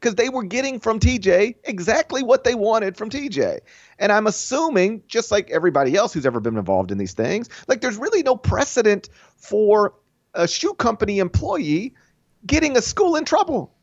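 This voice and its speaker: A man talks sports on a podcast in a lively, swooping voice with a slightly raised pitch. He is opinionated and acts out the voices of the people he quotes. The sound is dry and a little dull. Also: normal speed, dry recording. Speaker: college basketball podcast co-host. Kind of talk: casual podcast chat.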